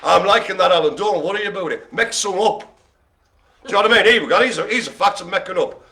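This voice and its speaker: A man's voice: high voice, a little fast, bright, forceful tone. A man hosting a live bingo game, joking and rambling in playful banter. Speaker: host.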